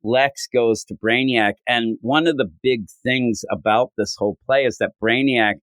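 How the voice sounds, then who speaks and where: A podcast host recaps a comic casually at normal speed, bringing the characters' lines to life with big jumps in pitch. The comic book discussion is recorded dry.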